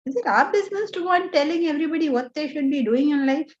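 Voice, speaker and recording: A high-pitched woman with an Indian accent lectures her students on Vedanta. She talks in an animated, scolding way and fires off rhetorical questions. The recording sounds dull and lo-fi. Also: fast talker. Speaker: Vedanta teacher.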